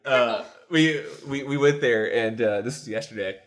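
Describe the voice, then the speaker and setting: A young man with an ordinary mid-range voice co-hosts a casual podcast. He tells long, rambling stories with lively retellings. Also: medium pitch, normal speed. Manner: rambling, animated anecdotes. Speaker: podcast co-host. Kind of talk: casual storytelling chat.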